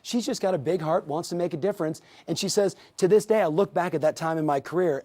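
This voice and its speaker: A man with a somewhat high voice leads a real estate sales lesson. He tells stories and acts out the people in them, addressing the viewers directly as he coaches them. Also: quick pace, few pauses, darkish tone. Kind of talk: motivational training talk.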